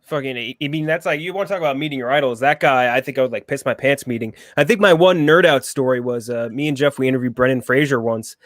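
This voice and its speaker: A man chatting as a panelist on a casual live stream, excitable and swearing freely. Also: mid-range voice, quick pace, few pauses, dry recording, studio quality.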